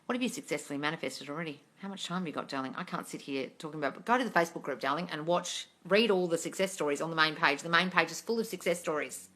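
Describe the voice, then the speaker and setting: This woman speaks fast with few pauses, her low voice a bit bright. She's a manifestation coach hosting a casual live-streamed Q&A over phone or webcam, blunt and profane, addressing viewers as darling while answering chat.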